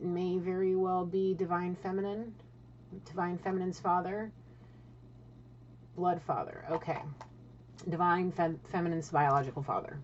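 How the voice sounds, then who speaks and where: A woman's voice: lowish voice, slight background noise. A woman giving a casual spiritual tarot reading, blunt and swearing, often checking in with "okay?". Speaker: tarot card reader. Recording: dull lo-fi audio.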